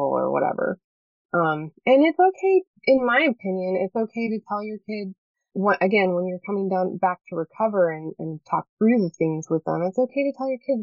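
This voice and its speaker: Earnest mom talking, dull dry sound. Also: female voice, lowish voice, animated, darkish tone, dry recording. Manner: earnest, talks in quick bursts with many "right?" checks. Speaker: podcast guest. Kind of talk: casual podcast chat.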